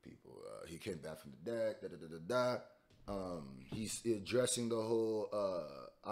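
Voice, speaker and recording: A man hosting a reaction video, commenting casually and jumping into loud, laughing bursts. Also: deep voice, normal speed. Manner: animated, jumps to loud bursts, laughs and mimics.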